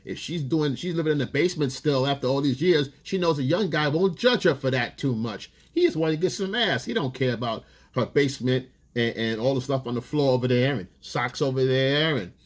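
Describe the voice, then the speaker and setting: A man talks through dating advice as a coach in a casual monologue. His voice sits at an ordinary middle pitch. His delivery is blunt, profane and street-casual. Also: brisk, few pauses.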